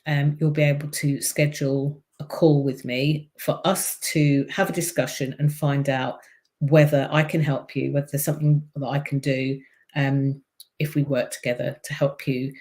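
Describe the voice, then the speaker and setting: A woman with a low, deep voice and a slight frog in her throat, chatting on a live stream as a speaking coach and explaining things step by step. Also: little pitch movement, normal speed, darkish tone. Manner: chatty and explanatory, demonstrates voice tones. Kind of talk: casual live-stream talk to camera.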